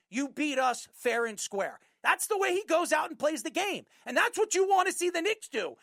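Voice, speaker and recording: Gravelly-voiced man in a fired-up sports rant. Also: very high voice, fairly bright tone, dry recording, studio quality. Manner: fired-up, repetitive, emphatic. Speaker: sports talk host. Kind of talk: heated sports commentary rant.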